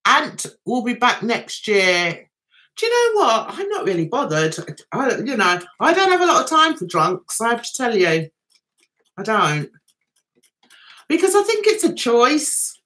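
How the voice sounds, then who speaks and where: A woman hosting a casual livestream, telling stories in a chatty, animated way. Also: fairly high pitch, a little slow. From United Kingdom. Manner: chatty, animated storytelling with mimicked voices. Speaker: livestream host.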